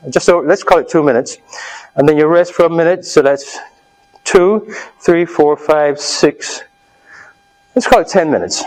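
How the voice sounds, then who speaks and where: Guy running a health seminar, voice a bit high, talking people through a workout, asks if they're with him. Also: low-quality recording. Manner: coaching, urging the audience on loudly. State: out of breath. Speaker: health speaker leading a workshop. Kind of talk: live seminar talk with group exercise.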